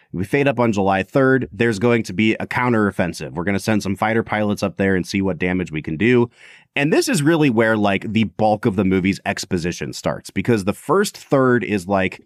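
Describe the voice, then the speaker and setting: With a fairly low-pitched voice, this podcast co-host chats casually and animatedly about a movie, using "like" as filler again and again. The sound is studio quality, free of any room sound.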